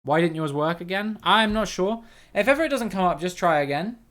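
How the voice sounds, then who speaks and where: Hosting a casual live stream of a geography guessing game, a man chats with viewers and reads out their names, laughing easily and swearing now and then. His high-sitting voice is expressive, brisk and fairly bright.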